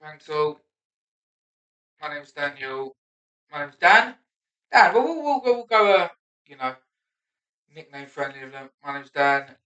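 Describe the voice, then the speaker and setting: A man's voice: fairly high pitch, sing-song, measured pace, pauses often, sharp tone. A man, a stand-up comedian rehearsing his set aloud, self-mocking and sweary, muttering asides between punchlines. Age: 30s. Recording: roomy and distant.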